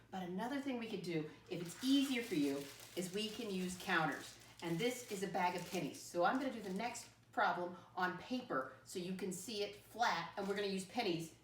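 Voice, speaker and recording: A woman teaching young children from her home, speaking slowly in a patient sing-song that coaxes them along. Her voice is a little off the mic in an echoey room. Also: fairly low pitch, recorded from a distance, slight background noise. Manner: slow, sing-song, encouraging, addresses kids as "my friends". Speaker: first grade teacher. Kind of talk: remote lesson for young children.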